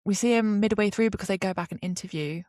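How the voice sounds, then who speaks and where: A woman's voice: mid-range voice, fast, a little mellow, dry recording, clean studio sound. A woman co-hosting a podcast who recounts things casually and at length with easy fillers. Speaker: podcast co-host. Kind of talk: casual chat.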